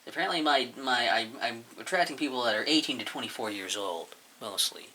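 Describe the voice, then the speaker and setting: A man's voice: mid-range voice, expressive, fairly quick, sharp tone. A man casually rambling through a look back at his own channel, mumbling and swearing offhandedly as he goes. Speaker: YouTuber reviewing his channel.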